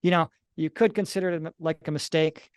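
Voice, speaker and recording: A man's voice: a little high, steady tone, quick pace, clean tone, dry recording, clean studio sound. A middle-aged man, an author and analyst of near-death experiences, giving earnest, explanatory interview answers and sometimes acting out little scenes. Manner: earnest, explanatory, acts out little quoted dialogues.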